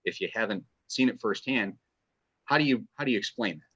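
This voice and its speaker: A man's voice: fairly low pitch, lively intonation, fairly quick, a bit bright, slightly rough. A man speaking as a podcast guest, chatting enthusiastically and rambling with restarts. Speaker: podcast guest, fan writer. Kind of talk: casual podcast chat. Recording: dull lo-fi audio.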